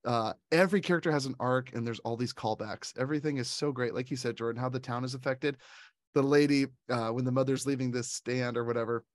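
A man's voice: mid-range voice, steady tone, fast, no room sound, clean studio sound. A man co-hosting a casual film chat, enthusiastic and laughing often as he recounts favorite scenes. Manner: enthusiastic, laughs often, quotes lines in put-on voices. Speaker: podcast co-host.

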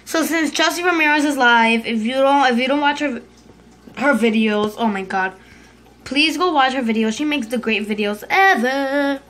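A female host giving casual commentary over her gameplay, excitable, yelping and urging herself on, dropping to hushed whispers when scared. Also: high-pitched. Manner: excitable, yelps and shrieks, fast repeated urging. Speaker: gaming video host.

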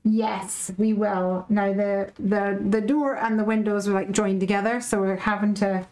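A woman's voice: mid-range voice, steady tone, unhurried, a little mellow, poor audio. A woman from the UK hosting a live craft stream, chatting casually and animatedly with viewers and reading out their comments.

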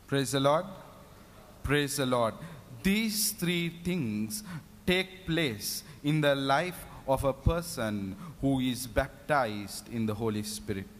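A man preaching a sermon at a prayer meeting, fervent and given to repeated hallelujahs. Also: mid-range voice. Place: prayer meeting in a reverberant hall. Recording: long hall reverb.

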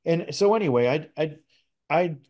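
A man's voice: on the high side, lively intonation, normal speed, darkish tone. A middle-aged man from Canada, a podcast guest telling a personal story in a casual, earnest way with frequent restarts. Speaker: podcast guest, spirit talker.

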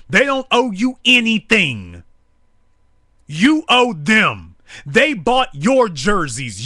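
A man's voice: high-pitched, sharp tone, dry recording, clean studio sound. A man hosting a live talk show, delivering angry, preaching commentary full of repetition. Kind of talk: fiery political commentary.

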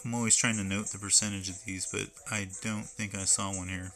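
A man's voice: fairly low pitch, little pitch movement, a little fast, pushed and bright, faint music behind. A man streaming live from home, chatting casually and reading labels aloud as he unboxes. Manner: rambling, stops to read can labels aloud.

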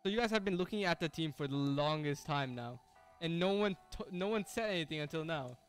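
A man's voice: a little high, lively intonation, a little fast, clear, resonant tone, faint music behind. A young man streaming a game live, chatting casually with viewers, full of slang, frequent laughs and restarts. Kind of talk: casual live-stream chat while gaming.

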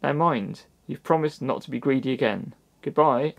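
A man voicing a wise, gruff male brown owl with a measured, slightly stern manner. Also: mid-range voice. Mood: kindly.

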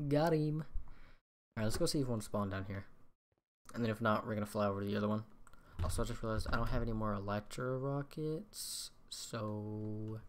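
A man giving casual gameplay commentary, swearing and trash-talking the monsters, with excited gasps and yelps. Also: lowish voice, moderate pace, pauses often, a little hiss or hum. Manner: profane, trash-talks the game's monsters. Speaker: gaming streamer.

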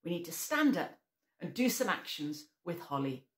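A woman's voice: on the low side, sing-song, normal speed. A woman leading a preschool church session, telling a story to young children and leading them in call-and-response. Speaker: preschool worship leader.

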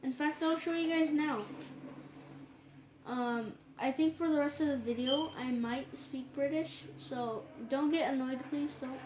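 A high-voiced woman chats her way through a game in an unhurried, excitable way, piling on exclamations. The sound is roomy and echoey, with a clear layer of background noise running underneath her voice. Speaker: gaming channel host. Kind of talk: casual gameplay commentary.

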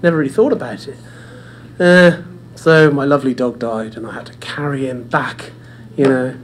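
Brief: forum presenter, conversational storyteller, middle pitch, faint room noise. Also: normal speed. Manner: chatty, repeats words, addresses audience directly. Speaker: speaker at a dementia care forum. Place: indoor room with audience.

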